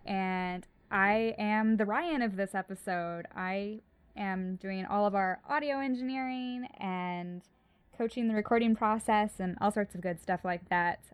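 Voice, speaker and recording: A woman's voice: medium pitch, a bit bright, clean tone, no room sound. A young woman co-hosting a casual podcast, playful and giggly with mock-serious asides. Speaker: podcast co-host and audio engineer. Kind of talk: casual comedic podcast chat.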